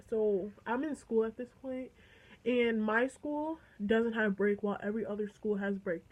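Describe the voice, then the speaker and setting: A teenage girl casually telling a story, chatty and animated, acting out quoted lines and swearing freely. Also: mid-range voice, rough recording. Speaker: vlogger.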